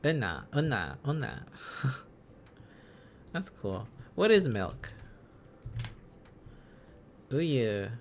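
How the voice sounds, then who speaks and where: A man's voice: medium pitch, sing-song, drawn-out words, pauses often, a little hiss or hum. A man streaming casually, thinking aloud as he learns, sounding out syllables and chuckling often.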